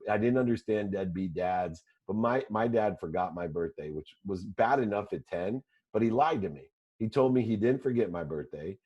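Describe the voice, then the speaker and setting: A man who is a guest on an interview show, telling a personal story in an animated way with repeated phrases. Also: fairly low pitch, moderate pace, few pauses, husky, highs cut off.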